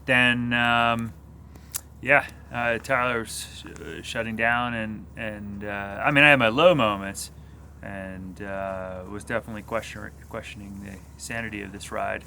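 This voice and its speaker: Bright-toned guy, steady reassuring cyclist vlog chat. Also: fairly low pitch, unhurried, gravelly, a little hiss or hum. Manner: steady, reassuring, some fillers. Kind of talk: casual vlog talk.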